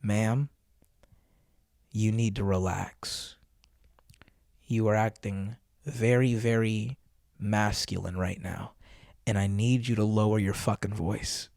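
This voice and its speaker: A man voicing an imagined calm man who tells a woman off in a flat monotone, coldly threatening. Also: on the low side, takes it slowly, creaky, long pauses, dry recording, clean studio sound. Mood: calm menacing.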